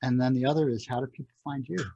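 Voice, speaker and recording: Male interviewer, hesitant; husky, gravelly voice on a dull, dry lo-fi recording. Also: mid-range voice, fairly even intonation, warm tone, dry recording. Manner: hesitant, halting questions with restarts. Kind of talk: casual interview.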